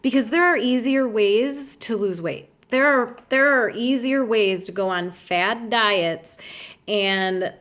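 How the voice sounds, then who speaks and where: Middle-aged woman, heartfelt confessional vlogger, earnest and halting. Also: medium pitch, fairly bright tone. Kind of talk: candid personal vlog.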